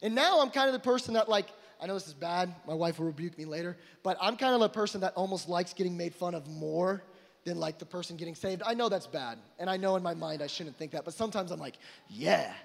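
A young man preaching an emphatic sermon to a crowd, swinging between loud calls and hushed asides. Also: sits high, quick pace, creaky. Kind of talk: energetic sermon to a live crowd. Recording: long hall reverb.

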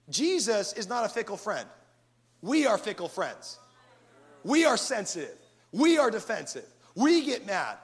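A man preaching a sermon with animated delivery and acted-out asides. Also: high voice. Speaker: pastor.

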